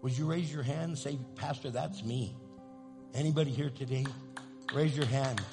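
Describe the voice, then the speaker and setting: A man's voice: mid-range voice, fairly even intonation, brisk, over music. A man preaching as pastor, talking plainly to the congregation and rising into fervent calls to pray. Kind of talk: sermon. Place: church sanctuary. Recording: long reverb in a large sanctuary.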